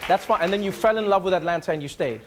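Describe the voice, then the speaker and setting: A man's voice: high voice, rapid-fire, a crowd in the background. A man hosting a comedy show, joking with audience members and slipping into mock accents, laughing often. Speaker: talk show host bantering with audience. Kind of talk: improvised comedy crowd work. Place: studio with live audience. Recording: live studio audience, noisy.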